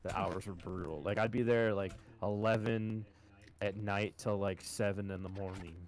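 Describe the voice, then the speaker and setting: A man's voice: lowish voice, fairly even intonation, normal speed. A man co-hosting a podcast, chatting casually and telling a profane work story. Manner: swears a lot, storytelling, calls listeners boys. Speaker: podcast co-host. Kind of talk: casual chat.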